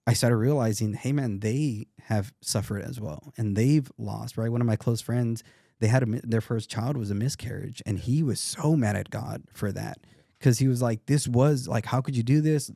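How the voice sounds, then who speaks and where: A man's voice: lowish voice, normal speed, vocal fry, mellow, no room sound, clean studio sound. A man in his thirties, a podcast guest, talking earnestly and reflectively, often restarting his sentences. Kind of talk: casual interview talk.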